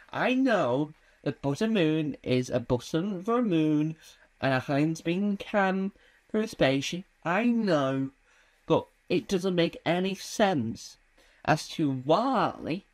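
A man doing a stand-up comedy routine, rambling and halting with many fillers and restarts. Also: high-pitched, very animated.

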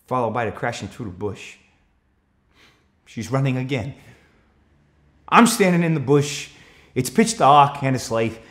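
A man's voice: mid-range voice, animated, a little slow, long pauses. A man playing an anxious, defensive countryman. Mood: troubled. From Australia. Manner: earnest, rising to urgent shouts when retelling the chase. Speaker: actor performing a stage monologue. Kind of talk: theatrical monologue.

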